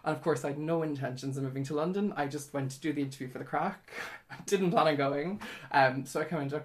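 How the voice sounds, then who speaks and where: In a relaxed interview, a twenty-something woman with an Irish accent speaks openly and chattily, filling her talk with fillers. Her voice sits low and she moves at a quick pace.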